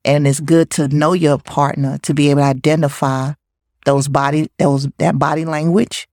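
A woman co-hosting a relationship talk show, chatting casually about communication, laughing often and acting out lively quotes. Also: sits low, moderate pace, no echo, clean studio sound. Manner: lively, laughs often, animated quoting of others. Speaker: podcast co-host.

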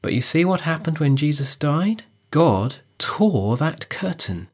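A man discussing how to preach a passage, speaking in an earnest, measured way with emphasis on key phrases. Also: fairly high pitch, very animated, slightly rough. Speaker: preacher giving a preaching guide. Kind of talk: teaching dialogue on sermon preparation.

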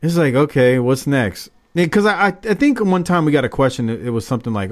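A man's voice: medium pitch, expressive, fast talker, hardly any pauses. Male podcast host, casual, rambling, opinionated. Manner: loose, rambling, fired-up opinions.

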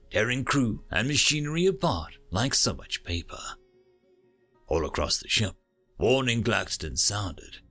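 A man narrating a dramatic first-person story, sometimes dropping into hushed tones. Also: mid-range voice. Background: faint music.

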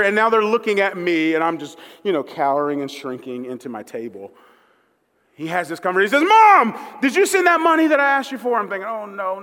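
A man's voice: a little high, fairly bright tone. A male pastor preaching a sermon, telling a story in a conversational way and acting out the voices of the people he quotes. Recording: long reverb of a large hall.

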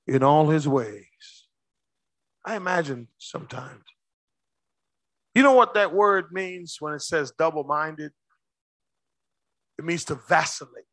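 A man preaching a sermon as pastor, quizzing his congregation with quick questions and slowing down hard to stress key words. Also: fairly high pitch, a bit bright, dry recording. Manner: call-and-response questions to the congregation.

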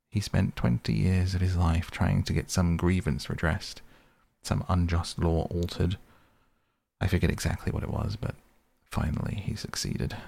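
A man's voice: sits low, vocal fry, darkish tone. A man voicing a cool, self-absorbed young male aesthete who speaks in a languid, lecturing tone.

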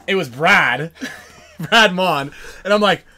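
A man hosting a podcast, telling a lively story in casual chat and acting out the people in it. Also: high voice, slow pace. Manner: animated storyteller, acts out voices, frequent laughs. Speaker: podcast host.

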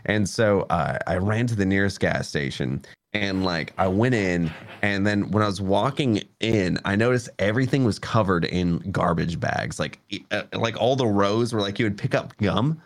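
Us guy, lowish voice, rambles with lots of likes and uhs. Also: animated, moderate pace. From Memphis, Tennessee. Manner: rambling with many fillers. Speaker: podcast guest. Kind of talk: casual storytelling.

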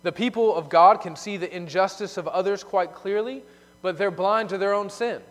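A male pastor delivers an expository sermon in a fairly high voice. He swings from forceful emphasis to hushed, quiet asides. The sound carries a long reverb, as in a large hall. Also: normal speed. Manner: explanatory preaching, shifting from loud emphasis to hushed asides.

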